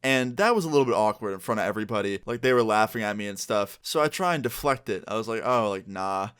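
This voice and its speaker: A man's voice: lowish voice, lively intonation, fast talker, fairly bright tone, smooth. A young man telling a storytime on his vlog, casual and full of filler words. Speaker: vlogger.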